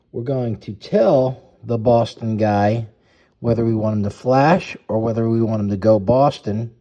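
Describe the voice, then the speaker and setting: A man's voice: mid-range voice, dark tone, dull audio. A man coaching youth lacrosse, explaining a play step by step, methodical and stopping to correct and restate himself.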